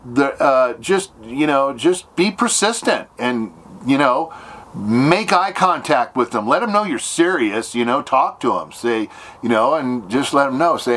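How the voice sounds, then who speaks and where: A man's voice: medium pitch, animated, unhurried, fairly bright tone. A middle-aged man, a solo gigging musician, telling a rambling casual story and acting out both sides of the conversations, his voice jumping up when he quotes people.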